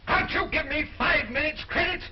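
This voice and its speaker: An actor playing a quick-tempered middle-aged king who bursts into shouts, on a muffled old film soundtrack with hiss. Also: mid-range voice, big pitch swings. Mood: blustering. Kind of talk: 1930s film acting.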